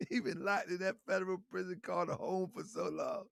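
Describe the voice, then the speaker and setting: A man's voice: high-pitched, steady tone, a little fast, creaky, fairly bright tone, no room sound, studio quality. A man hosting a live stream, talking loosely to his viewers with frequent laughs, repeated phrases and calls of fam. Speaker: livestream show host. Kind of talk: casual livestream talk to viewers.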